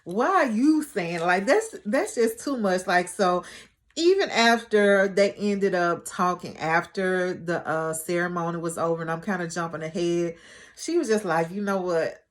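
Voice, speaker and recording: A woman vlogger recapping a TV episode in casual chat, chatty and animated with joking asides. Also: lowish voice, measured pace.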